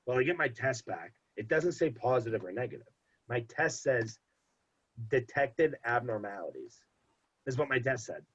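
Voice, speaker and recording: Young man, podcast guest; animated casual storyteller, mid pitch, dull lo-fi recording. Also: normal speed, breathy edge. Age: young adult. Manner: animated, quotes others in dialogue. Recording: dull lo-fi audio.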